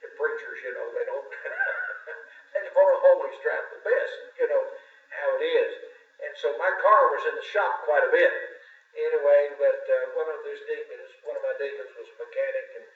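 An older preacher delivers a folksy sermon, rambling through anecdotes with many restarts. His voice sits a little high for a man and comes from well back in a roomy, echoing space. The sound is thin and narrow, like a phone line. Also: normal speed. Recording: distant mic, echoey church, phone-like radio sound.

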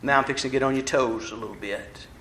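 A man preaching a sermon as pastor, animated, acting out the voices of the people he quotes. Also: mid-range voice, fast, slight background noise. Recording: roomy church echo.

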